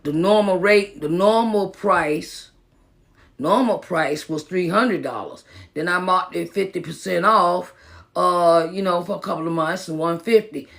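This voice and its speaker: Gravelly-voiced woman giving a pep talk. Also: on the low side, measured pace, fairly bright tone. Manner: casual, repetitive, greets viewers by name. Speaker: motivational speaker and minister. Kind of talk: live-stream pep talk. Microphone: phone.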